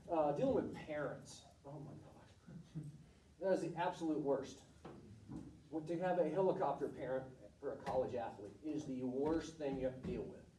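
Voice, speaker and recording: This middle-aged man, a volleyball coach, speaks in a fairly high, dark voice at a moderate pace. Heard from far off in an echoey room, he talks frankly and bluntly to students in an informal presentation, recounting career stories with acted-out quotes.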